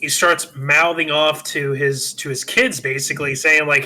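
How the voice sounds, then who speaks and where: A man's voice: a little high, fairly even intonation, measured pace, bright, forceful tone, low-quality recording. A man hosting a podcast, casually retelling a film with loose, swearing comedic chat. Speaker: podcast host.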